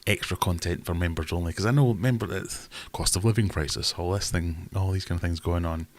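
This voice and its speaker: A man's voice: sits low, fairly quick. A man hosting a casual live stream, chatting in a rambling, self-deprecating way.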